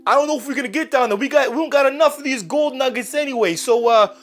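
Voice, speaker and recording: A man's voice: extremely high pitch, quick pace, a bit bright, voice pushed up. A man voicing a laid-back male delivery worker with a put-on New Jersey accent, rambling and full of "uh" fillers. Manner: rambling, filler-heavy ("uh"), streetwise.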